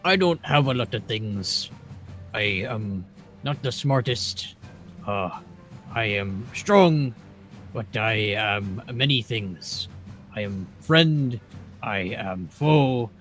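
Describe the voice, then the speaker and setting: A man voicing a slow, simple-minded male ogre who talks in short, plain phrases during a tabletop game. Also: lowish voice, expressive, fairly bright tone, soft background music. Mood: earnest. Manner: slow, plain halting speech. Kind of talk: tabletop role-play in character.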